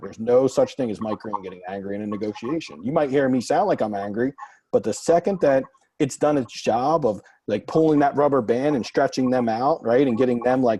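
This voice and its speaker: A man hosting a group Q&A, telling blunt, animated stories full of quoted dialogue. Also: medium pitch, breathy edge, rough recording. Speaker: real estate investor and mastermind host. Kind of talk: casual group Q&A coaching.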